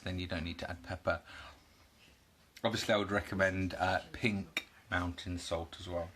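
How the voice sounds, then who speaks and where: Chatty British male live-stream host, bright tone, laughs easily, faint noise in a home kitchen. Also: fairly low pitch. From United Kingdom. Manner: chatty, greets viewers by name, laughs often. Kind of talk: casual live-stream chat.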